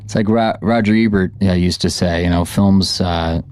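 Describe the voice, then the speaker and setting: A man's voice: sits low, fairly even intonation, normal speed, a little mellow. A man hosting a podcast, wrapping up an interview and signing off with jokey, rambling asides. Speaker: podcast host. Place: studio.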